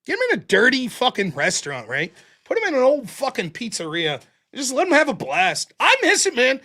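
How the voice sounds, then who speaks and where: Bright, profane American man telling stories. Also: very high-pitched, huge pitch swings, brisk. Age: 40s. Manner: profane, rowdy, acts out quoted voices. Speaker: show host. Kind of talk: casual storytelling monologue.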